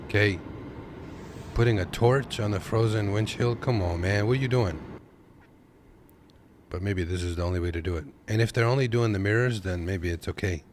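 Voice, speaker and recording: A man's voice: fairly low pitch, moderate pace, a little hiss or hum. A man from Kazakhstan who drives trucks, giving laid-back, joking reaction commentary from his desk. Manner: laid-back, joking, talks to viewers as "boys".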